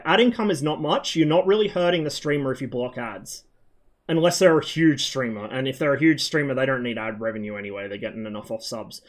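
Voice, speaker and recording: A man in his thirties from Australia, chatting loosely with viewers on a game stream, rambling and swearing a lot. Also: on the high side. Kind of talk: casual chat on a game stream.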